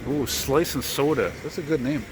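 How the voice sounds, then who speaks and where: A vlogger walks city streets at night with a handheld camera, rambling chattily and easily amused. His voice sits in the mid range at a normal speed, and the outdoor street around him is noisy.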